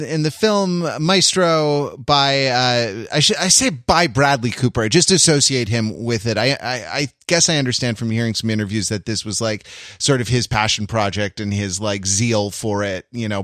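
A man's voice: mid-range voice, normal speed, a bit bright, dry recording. Rambling man with a dry close voice. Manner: rambling, many fillers and restarts. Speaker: podcast host. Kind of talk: casual chat.

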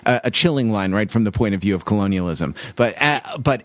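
Man, podcast co-host, lively pitch, dry, slow reading. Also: no room sound. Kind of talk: casual discussion of literature.

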